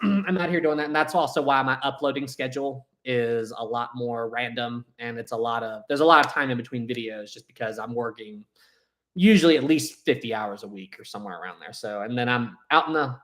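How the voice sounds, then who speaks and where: A young man with a mid-range voice hosts a casual live stream, brisk, rambling, and animated. He frequently restarts his sentences and reads viewer chats aloud.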